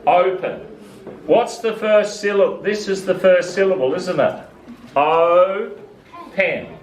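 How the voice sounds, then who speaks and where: A man's voice: high voice, normal speed, a little mellow. A man teaching phonics to a student, patiently explaining vowel sounds and asking questions. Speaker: reading teacher. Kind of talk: classroom phonics lesson. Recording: echoey room, from a distance, faint hiss.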